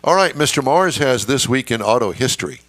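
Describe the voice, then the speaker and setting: A man's voice: mid-range voice, expressive, brisk, fairly bright tone, no room sound. A man hosting a radio car talk show, cutting in with wry, teasing remarks. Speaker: host.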